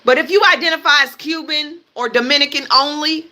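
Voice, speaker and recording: A woman's voice: high-pitched, fairly quick, sharp tone. A young American woman hosting a livestream, delivering a heated, blunt and profane rant and hammering her points with repetition. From United States. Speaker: livestream host.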